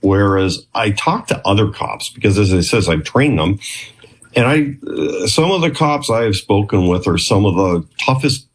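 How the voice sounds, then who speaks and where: A middle-aged Canadian man with a husky, low voice, a former clinician who worked with police, guests on a storytelling interview. Chatty and rambling, he uses lively intonation at normal speed, with frequent restarts and acted-out quotes.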